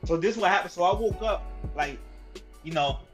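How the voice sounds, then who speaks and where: A young adult man on a podcast, telling a story in a rambling, profane way, with fillers and restarts and sudden yelled quotes. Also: high-pitched, moderate pace, over loud music, low-quality recording. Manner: acts out quotes with sudden loud yells. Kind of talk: casual podcast chat, storytelling.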